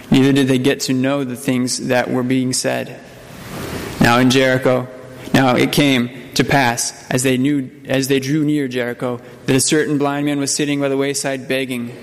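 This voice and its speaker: A man as a priest reading the epistle and gospel, then preaching, in a measured, solemn manner with small slips. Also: medium pitch. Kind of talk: scripture reading and sermon. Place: church. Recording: long church reverb, faint room noise.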